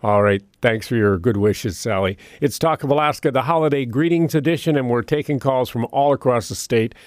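A man's voice: medium pitch, brisk, dry recording. Radio call-in host, male, friendly conversational delivery, dry studio mic.

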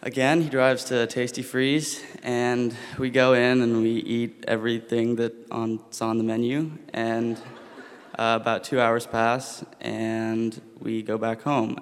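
A teenage boy telling a funny personal story live on stage, casual and laughing often, with many fillers. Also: mid-range voice. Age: teens. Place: live stage before an audience. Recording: long hall reverb from a live stage.

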